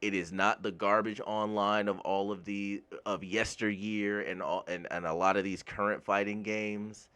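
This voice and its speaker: A man from the United States giving a casual, blunt gaming commentary rant, swearing freely and getting animated when worked up. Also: lowish voice, moderate pace, hardly any pauses, smooth. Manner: blunt, swears freely, laughs at own jokes. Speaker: gaming YouTuber.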